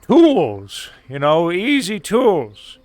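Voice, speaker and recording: Male actor as a slow, meandering craftsman in a put-on British accent, voice a touch high, full of hesitations. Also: huge pitch swings, a little mellow, no room sound, faint music behind, exaggerated voice. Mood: musing. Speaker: role-play character. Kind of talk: live-streamed role-play.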